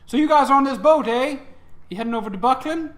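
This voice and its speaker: A man's voice: very high voice, fast, fairly bright tone, voice pushed up. A man voicing a mischievous male gnome god of humor, chummy and rambling, in a tabletop game. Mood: teasing.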